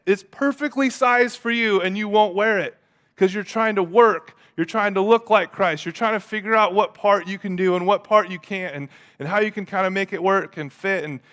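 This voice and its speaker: A pastor acts out God as a patient male host who gently chides his guest. The voice sits a little higher than usual and stays earnest, explaining point by point. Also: moderate pace.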